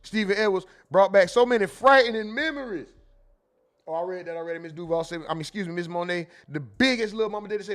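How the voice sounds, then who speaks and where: Streamer type: high-pitched man, animated and loud in bursts, casual chat-reading host. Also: quick pace. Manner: animated, loud bursts, mimics people in quotes, laughs. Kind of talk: casual live stream commentary.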